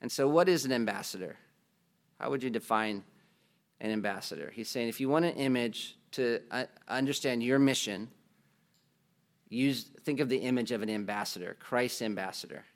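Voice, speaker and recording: A man's voice: medium pitch, moderate pace. A man preaching a sermon as pastor, in a conversational way, asking the congregation questions and adding joking asides.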